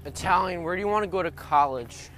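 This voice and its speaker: A young man co-hosting a casual joking chat, trading deadpan jabs while walking outdoors. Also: high-pitched, fast talker, rough recording. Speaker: co-host.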